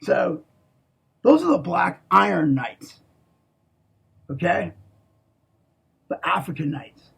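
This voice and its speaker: A man in a rambling, profane monologue, swinging between loud outbursts and low mutters and tagging lines with "okay?". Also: big pitch swings, takes it slowly, gravelly, long pauses, breathy edge. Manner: profane, repeats "okay?", restarts a lot.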